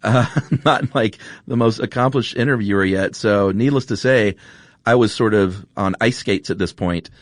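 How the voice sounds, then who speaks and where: A man's voice: fairly low pitch, normal speed, no room sound, clean studio sound. A man, hosting a podcast and telling a story casually, with many fillers and restarts. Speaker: podcast host. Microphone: studio microphone.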